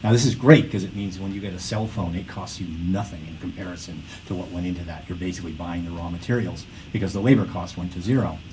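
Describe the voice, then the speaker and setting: A low-pitched man talks on a panel, pressing his points hard and slipping in wry jokes. His delivery is emphatic and a little sardonic. A faint hum of room ambience sits under the voice. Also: steady tone, fast talker, hardly any pauses, darkish tone, low-quality recording. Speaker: panel speaker. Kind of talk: panel discussion talk.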